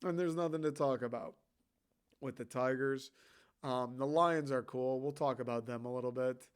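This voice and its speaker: Rambling young man, smooth voice. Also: mid-range voice, normal speed. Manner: rambling, loose and profane. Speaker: podcast host. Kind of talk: casual solo podcast talk.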